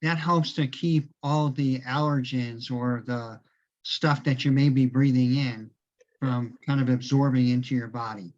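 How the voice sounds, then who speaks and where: Relaxed doctor on a muffled call. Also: male voice, medium pitch, measured pace. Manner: relaxed, repeats short approvals. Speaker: physician giving health advice. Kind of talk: casual call.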